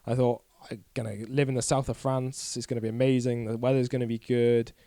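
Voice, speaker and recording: A cyclist in his 20s, appearing as a podcast guest, chats casually, candidly and a bit ramblingly while poking fun at himself. His mid-range, mellow voice keeps a level tone at a slightly fast pace, and the recording is dry.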